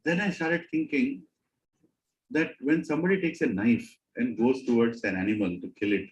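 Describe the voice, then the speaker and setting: A man giving a dramatic, animated storytelling talk to a spiritual group. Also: medium pitch, moderate pace, highs cut off, a little hiss or hum. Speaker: satsang speaker. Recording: roomy hall echo.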